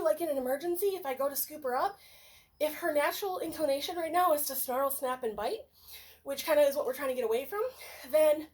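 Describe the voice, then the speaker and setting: Woman dog trainer, high-pitched, casual explainer with sing-song praise for the dog.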